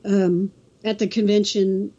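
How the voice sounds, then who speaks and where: A woman from California's Central Coast, a guest telling a story in a casual, halting way, often restarting and acting out the quotes. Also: medium pitch, little pitch movement, mellow, dull audio. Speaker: interview guest.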